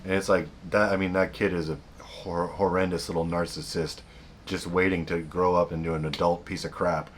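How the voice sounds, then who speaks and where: A man's voice: low voice, level tone, normal speed, slight background noise. A man hosting a self-help video, giving blunt, repetitive, emphatic advice in a casual monologue.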